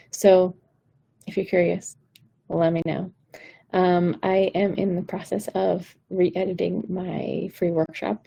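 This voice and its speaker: A woman's voice: lowish voice, vocal fry, husky, rough recording. A woman vocal coach giving an encouraging, direct pep talk on a live stream. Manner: encouraging, warm-hearted, direct.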